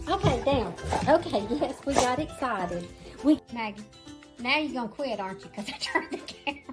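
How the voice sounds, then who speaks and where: High-voiced woman bossing her dog. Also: animated, normal speed, faint music behind. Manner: playful commands to a dog. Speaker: pet owner.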